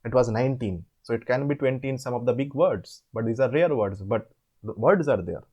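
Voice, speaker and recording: A man with an Indian English accent tutoring students through an English assignment, explaining step by step and repeating words slowly. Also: medium pitch, darkish tone, husky, lo-fi sound. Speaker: online course tutor. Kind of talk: assignment walkthrough lesson.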